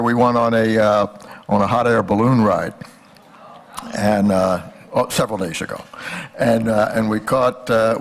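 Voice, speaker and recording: Gravelly older man giving a folksy lecture. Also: medium pitch. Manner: folksy, hesitant with many fillers. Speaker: guest speaker, historian. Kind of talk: lecture with jokes.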